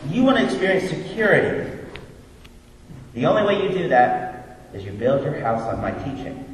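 A man preaching a sermon in a church, animated and joking at his own expense. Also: on the high side, moderate pace. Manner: animated, joking, self-deprecating. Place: church sanctuary. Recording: echoey hall from far off, faint noise.

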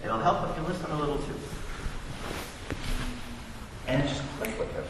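A man's voice: fairly high pitch, normal speed. A man, a pastor, telling a personal story in a conversational way to open his sermon. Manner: conversational, storytelling, quotes dialogue. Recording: echoey hall, distant mic, background noise.

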